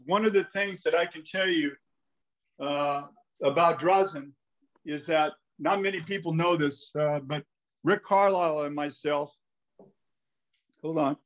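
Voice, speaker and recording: A man's voice: a little high, a little slow, long pauses. An older man, a basketball coach and guest, telling anecdotes casually over a call and acting out the quotes in his stories.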